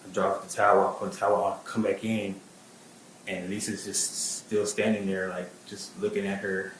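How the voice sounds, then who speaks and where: A man recounting events as a witness, halting, with many fillers and restarts. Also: low voice, flat delivery, reverberant, a little hiss or hum, poor audio. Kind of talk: testimony and recounting.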